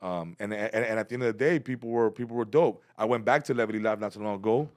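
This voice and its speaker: A man's voice: fairly low pitch, fast, darkish tone, no echo. A man in his thirties, a stand-up comedian, telling a story in casual, profane chat and acting out other people's voices.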